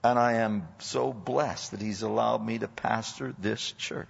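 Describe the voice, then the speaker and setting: A man's voice: fairly low pitch, steady tone, measured pace, creaky, slightly rough. A male pastor preaching a sermon in a church, emphatic and sometimes mockingly sarcastic. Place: church sanctuary. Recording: dull audio with long hall reverb.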